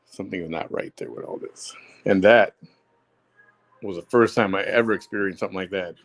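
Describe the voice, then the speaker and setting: This low-voiced podcast host from Chicago talks fairly quickly on his solo audio show. His tone is blunt and heated, and he repeats things for emphasis.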